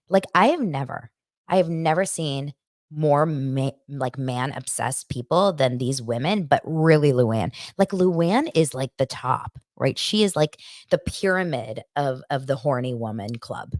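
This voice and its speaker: Woman host, gossipy casual chat; low voice with lively swings, dry close sound. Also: dry recording. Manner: chatty, animated, heavy use of "like" and restarts. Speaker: podcast host.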